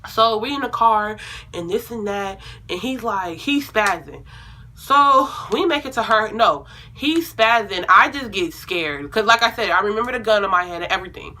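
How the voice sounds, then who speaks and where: A young woman vlogger telling a personal story in a casual, animated way, with lots of profanity and acted-out quotes. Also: medium pitch, moderate pace, slight background noise.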